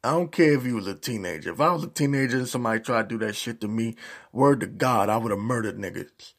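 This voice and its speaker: Gravelly-voiced man ranting casually. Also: mid-range voice, fast talker. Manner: profane, animated ranting with slang. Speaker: YouTube commentator.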